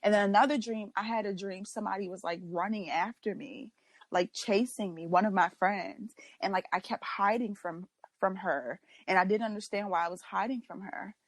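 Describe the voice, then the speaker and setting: A young woman chats on a podcast. She tells animated stories and acts out her own quotes. The sound is dry and close, with little room in it. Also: mid-range voice, normal speed, no echo. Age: young adult. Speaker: podcast co-host. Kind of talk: casual chat.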